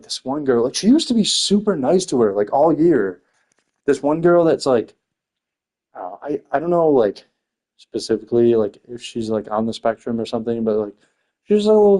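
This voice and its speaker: A young man chats casually, telling rambling stories in a loose, profane way. He leans on fillers and breaks into laughter often. His voice sits at an everyday middle pitch. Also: darkish tone. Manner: frequent laughter. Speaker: teacher. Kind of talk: casual podcast chat.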